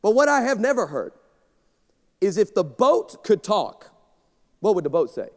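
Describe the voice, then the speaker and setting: A male guest pastor from Texas preaching a sermon, energetic and storytelling, often repeating words as he builds. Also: high voice, a little slow. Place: large church sanctuary. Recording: long hall reverb in church.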